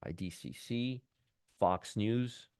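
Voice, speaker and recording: A man's voice: lowish voice, slow pace, darkish tone, clear, resonant tone, no room sound, clean studio sound. A man hosting a stock trading show, talking casually and enthusiastically about charts, often repeating words and restarting phrases. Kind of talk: casual market commentary.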